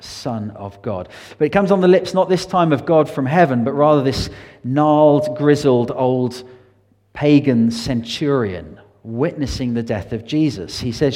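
An earnest male preacher delivers a sermon, leaning hard on key words. His voice sits at an average pitch and carries a long reverberant tail from a large church hall. He swings his pitch up and down as he drives his points home. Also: darkish tone. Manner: earnest, emphatic, pitch rising and falling with emphasis.

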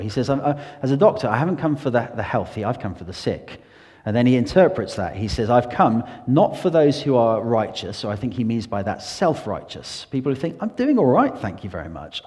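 A man's voice: mid-range voice, a little fast. Earnest man, long hall echo. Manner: earnest, animated, acts out quoted speech. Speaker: Christian speaker answering questions. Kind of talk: unscripted Q&A explanation.

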